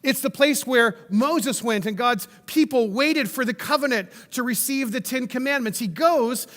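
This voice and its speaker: Pastor guy preaching, high bright voice, chatty, keeps asking "yeah?", long church reverb. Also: moderate pace. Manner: conversational, checks in with the audience often. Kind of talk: sermon.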